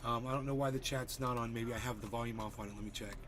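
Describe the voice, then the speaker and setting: A man's voice: medium pitch, steady tone, fast, background noise. A man hosting a casual livestream, chatty and a bit distracted as he greets viewers by name while fixing his settings. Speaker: livestream host.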